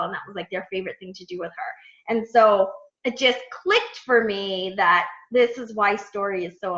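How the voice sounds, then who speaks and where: A woman in her thirties telling a story to her coaching team in a chatty, animated way, full of quoted dialogue. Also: a little high. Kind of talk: casual storytelling talk to a team. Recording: echoey, dull lo-fi room sound.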